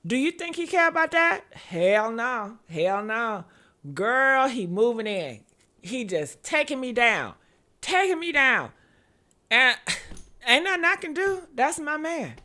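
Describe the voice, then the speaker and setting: A young woman hosting a show, telling a story in casual chat, dramatic and laughing loudly as she goes. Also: sits high, expressive, takes it slowly. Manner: loud, laughing, dramatic retelling. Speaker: show host.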